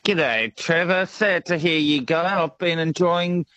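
A man's voice: on the high side, a little slow, pushed and bright. A man calling in to a radio show by phone, friendly and a bit hesitant. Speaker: caller. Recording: dull phone line.

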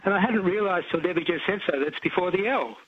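A middle-aged Australian man calls in to a radio show, his husky voice on a muffled phone line. He chats along freely, circling back on himself with restarts. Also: high-pitched, fast talker. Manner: chatty, rambling with restarts. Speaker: caller.

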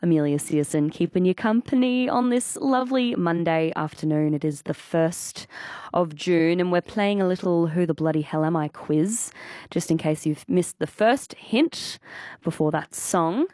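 An Australian woman presenting local radio, her voice breathy and throaty, a little hoarse from recent illness. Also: on the low side, moderate pace, mellow, no room sound, studio quality. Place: radio studio.

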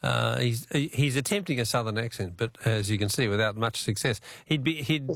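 Gravelly, chatty Australian radio host. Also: male voice, mid-range voice, fairly quick, fairly bright tone, no echo. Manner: chatty, chuckling, self-deprecating. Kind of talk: casual radio talkback chat. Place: radio studio. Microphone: studio microphone.

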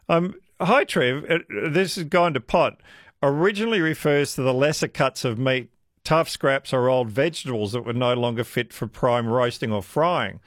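Lively Australian radio host. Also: male voice, mid-range voice, no room sound, clean studio sound. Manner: chatty, laughs easily, lively. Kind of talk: casual talkback radio chat.

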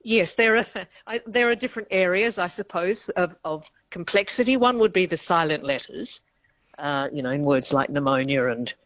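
A woman's voice: lowish voice, moderate pace, fairly bright tone, no room sound. A woman professor of linguistics answering radio interview questions in a chatty, explanatory way, laughing often mid-sentence.

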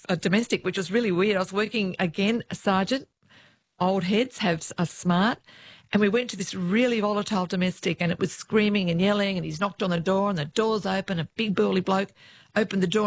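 A middle-aged woman with an Australian accent, a former police officer telling lively stories in an interview and quoting what others said. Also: mid-range voice, no room sound. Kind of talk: interview storytelling.

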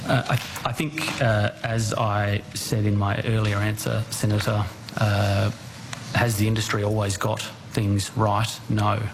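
A man's voice: on the low side, flat delivery, a little slow, noisy background. A man giving hesitant testimony at a Senate hearing, filling his answers with "uh". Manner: hesitant, lots of "uh"s. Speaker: gambling industry spokesman.

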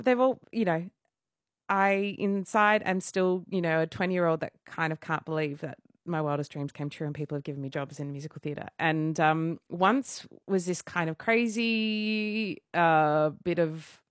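A young adult woman, a musical theatre performer, telling stories in a chatty, animated way on a radio show, with many fillers. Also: fairly low pitch, no echo, studio quality. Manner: chatty, animated storytelling with frequent fillers and laughs. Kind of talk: casual radio interview chat.

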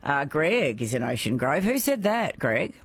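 A woman hosting a radio phone-in quiz, chatty and quick to laugh. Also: sits low, big pitch swings, husky, no room sound. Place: radio studio.

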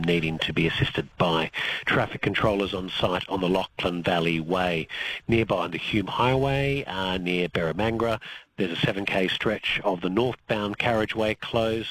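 A man reading a radio traffic report with a steady, informative delivery, then chatting with the host. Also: low-pitched, poor audio.

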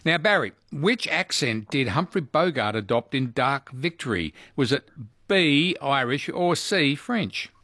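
Man, radio quiz host, sing-song animated delivery, dry close sound. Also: mid-range voice, unhurried, dry recording. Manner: chatty, easygoing, lively intonation. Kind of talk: casual radio quiz chat with callers.

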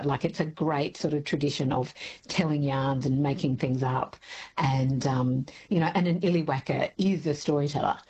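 Woman with a low, husky voice, thoughtful and animated as a radio guest. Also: poor audio. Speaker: book show co-host, guest. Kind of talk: radio interview.

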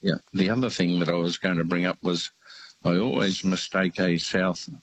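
An older Australian man with a very deep voice calls in to a talk show. He rambles warmly through his stories, pausing often and restarting his sentences. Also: slight background noise, low-quality recording. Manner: halting, rambling storyteller with many fillers. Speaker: radio caller. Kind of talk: casual phone-in chat.

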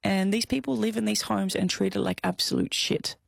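Gravelly Australian woman, candid and heartfelt. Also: mid-range voice, brisk, dry recording. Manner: candid, heartfelt, close to tears. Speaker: guest. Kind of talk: emotional personal interview.

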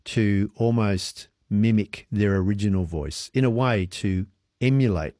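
Male radio host, lowish voice, hesitant, filler-heavy questioning. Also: a little slow, dark tone, no room sound, clean studio sound. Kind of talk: radio interview.

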